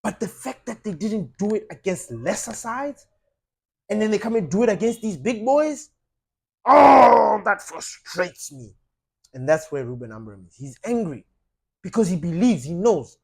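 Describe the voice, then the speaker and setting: Impassioned football fan talking to camera. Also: male voice, sits high, sing-song, normal speed, slightly rough. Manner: impassioned, rising to loud emphatic outbursts, frequent fillers; addresses viewers directly as ladies and gentlemen. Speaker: fan channel host. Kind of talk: passionate football fan commentary.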